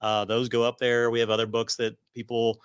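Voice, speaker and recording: A man speaking as a guest in a casual interview, relaxed, with dry teasing humor. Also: mid-range voice, fairly quick, clean tone. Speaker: guest, company CEO.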